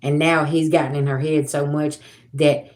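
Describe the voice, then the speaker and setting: A woman in her forties runs a psychic livestream, speaking casually and straight to her viewers. Her voice is low and a little mellow, with a level tone and moderate pace, and she's blunt, emphatic, and swears freely.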